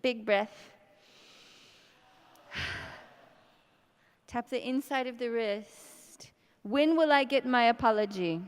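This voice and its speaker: A woman leading a guided tapping session, speaking slow scripted affirmations between deep sighs and breaths. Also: clean tone. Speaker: EFT tapping practitioner. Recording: long reverb in a hall.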